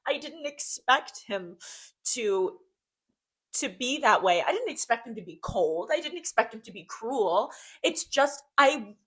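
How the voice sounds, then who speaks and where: A young woman co-hosting a podcast speaks in a fairly high, bright voice. She talks in a heartfelt, open way, repeats her phrases and fills them with "like". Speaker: podcast co-host. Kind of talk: casual podcast chat.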